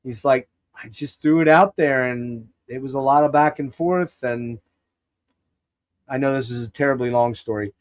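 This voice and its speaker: A man's voice: mid-range voice, moderate pace. Pennsylvania guy hosting a podcast, rambles through a long story, lots of restarts and quoting himself. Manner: long-winded storyteller, many restarts and quoted asides. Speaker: podcast host. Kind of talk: casual rambling chat.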